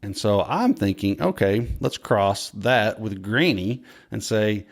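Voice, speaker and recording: Gravelly, low-voiced man in his forties. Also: animated, slow. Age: 40s. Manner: playful, jokey, rambling with fillers. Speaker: podcast guest. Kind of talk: casual podcast chat.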